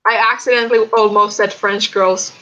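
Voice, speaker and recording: A woman's voice: medium pitch, fairly even intonation, moderate pace, sharp tone. A woman co-hosting a casual livestream, chatty and stumbling over usernames as she greets viewers. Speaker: stream co-host. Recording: dull lo-fi stream audio.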